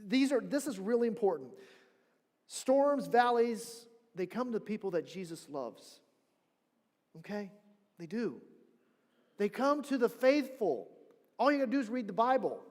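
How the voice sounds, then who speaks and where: High-voiced preacher in a reverberant hall. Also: male voice, a little slow, long pauses. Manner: animated storytelling, acts out quoted voices. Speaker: pastor. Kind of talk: sermon. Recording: long church hall reverb.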